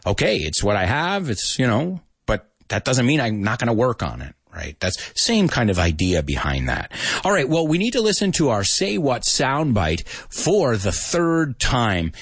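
Animated, husky-voiced male teacher. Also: mid-range voice, moderate pace, no room sound, studio quality. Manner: animated, explains with demonstrations. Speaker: host and English teacher. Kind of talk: teaching podcast talk.

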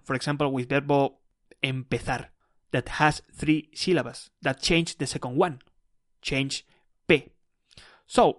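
A man teaching a podcast lesson, explaining slowly and step by step. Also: medium pitch, no echo, studio quality. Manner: slow and deliberate, explaining step by step. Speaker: Spanish teacher, podcast host. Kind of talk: casual spoken lesson.

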